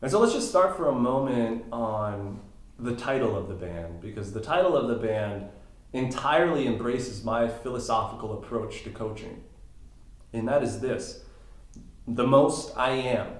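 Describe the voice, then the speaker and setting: A man's voice: mid-range voice, expressive, unhurried. A man talking as a guest on a podcast, a coach explaining ideas step by step with emphatic rises. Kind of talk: casual interview talk. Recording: roomy echo.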